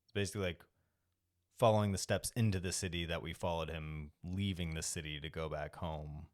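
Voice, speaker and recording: A man co-hosting a podcast, recapping film scenes in a relaxed, rambling way with many fillers. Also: low-pitched, fairly quick. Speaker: podcast co-host. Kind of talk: casual movie discussion.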